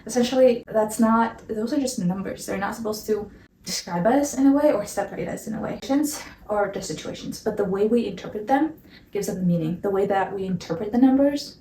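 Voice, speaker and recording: A woman's voice: mid-range voice, warm tone, slight background noise. Young woman, casual explainer vlog, earnest, hedging, roomy echo, a bit far from the mic. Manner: earnest, hedging, repeats disclaimers. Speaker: vlogger.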